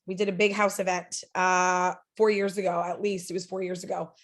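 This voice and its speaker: A woman's voice: lowish voice, level tone, a little fast. A woman speaking as a podcast guest, telling a story in an earnest, emphatic, motivational way. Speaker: podcast guest, sales leader.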